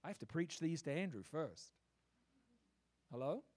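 A man preaching a sermon, emphatic and rhetorical, swinging from quiet asides to loud declarations. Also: fairly high pitch, big pitch swings, a little slow.

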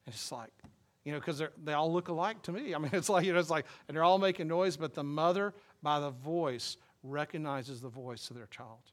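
A male pastor preaches in a relaxed, conversational style, rambling through stories with plenty of "you know" fillers. His voice sits a little high for a man. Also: fairly quick. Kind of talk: sermon.

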